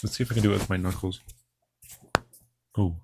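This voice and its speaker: A man's voice: low voice, steady tone, fairly quick, creaky, background noise. A young man casually rambling through a gear test, full of fillers and restarts. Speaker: vlogger testing a lavalier mic.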